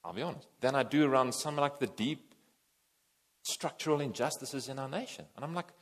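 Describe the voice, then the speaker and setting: A man preaching a sermon, animated and emphatic, swinging between loud and soft. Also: medium pitch, a little fast. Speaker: pastor.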